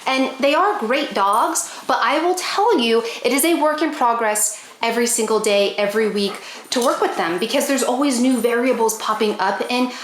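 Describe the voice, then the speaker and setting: A woman's voice: fairly high pitch, lively intonation, moderate pace. Chatty woman vlogging in an echoey bedroom. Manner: chatty, talks to her dogs in a bright coaxing voice. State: a bit out of breath from chores. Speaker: pet vlogger. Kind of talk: casual vlog chat while doing chores. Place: bedroom at home. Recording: echoey room, faint noise.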